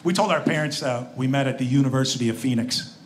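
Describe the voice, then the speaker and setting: A stand-up comedian in his forties talks fast in a medium-pitched voice, delivering a chatty, self-mocking set with quoted asides. The live club recording carries the audience's laughter and general crowd noise.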